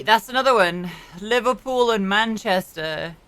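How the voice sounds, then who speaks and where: A woman from South Wales chatting on a roleplay stream, animated and full of swearing. Her voice is bright and forceful. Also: mid-range voice, fairly quick, no room sound. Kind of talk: casual roleplay chat.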